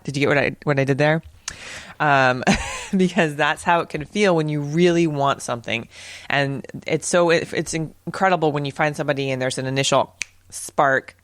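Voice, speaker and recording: A woman podcast host in a relaxed casual monologue who sometimes stretches her words out slowly. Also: low-pitched.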